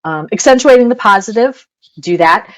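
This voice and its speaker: A woman's voice: mid-range voice, lively intonation, normal speed. A middle-aged woman coaching parents in a chatty webinar talk, laughing often and saying "you know" a lot. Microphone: computer mic on video call.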